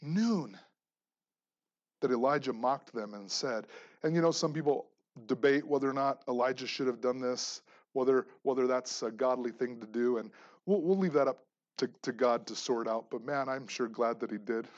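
A man preaching a sermon, animated and expressive, moving between loud emphasis and quiet asides, joking with the congregation. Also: medium pitch, moderate pace, dull audio. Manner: jokes and laughs with the congregation. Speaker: pastor.

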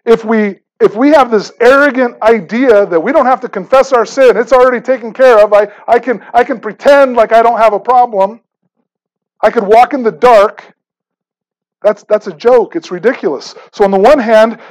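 A man's voice: sits high, poor audio. A man preaching a sermon in a conversational, emphatic way, often repeating words as he starts phrases. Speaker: pastor.

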